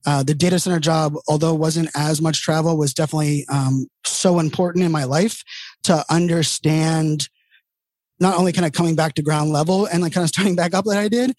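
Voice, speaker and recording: A man's voice: fairly high pitch, fairly even intonation, brisk, a little mellow, no room sound. A middle-aged man telling his career story in casual conversation, rambling and full of fillers and restarts. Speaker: entrepreneur guest.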